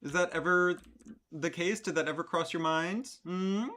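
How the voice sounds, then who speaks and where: A man's voice: sits high, moderate pace, pushed and bright. A man streaming live, reacting to a clip with sarcastic, rambling commentary full of fillers.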